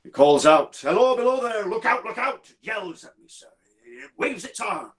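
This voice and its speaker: A man voicing a troubled railway signalman who speaks haltingly and deferentially, calling his listener "sir" again and again. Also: high-pitched, animated, pitched above the performer's own voice. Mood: desperate. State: distressed and troubled. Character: haunted, anxious middle-aged male railway signalman. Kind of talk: performed storytelling.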